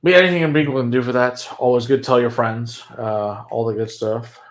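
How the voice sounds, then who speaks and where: A man's voice: mid-range voice, fairly even intonation, a little fast. A man hosting a whiskey livestream, chatting casually with viewers, answering their comments and laughing often.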